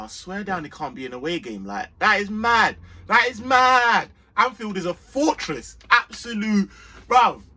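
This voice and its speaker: A man hosting a fan channel's football match preview, chatty and energetic, full of street slang. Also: fairly high pitch, slightly rough. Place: outdoors in sunshine.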